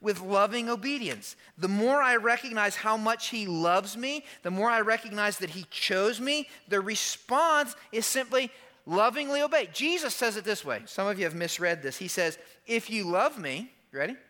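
A man delivers an animated sermon in a high, bright voice. He stresses his points hard and breaks into quick asides. A long hall reverb trails each phrase. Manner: emphatic, animated preaching with quoted lines and asides. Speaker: pastor.

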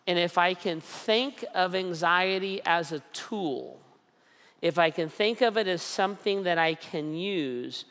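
A middle-aged man preaching a sermon in a conversational way, often checking in with "right?" and "okay?" and slowly repeating his key lines. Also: a little high, a bit bright, long reverb tail. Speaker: pastor.

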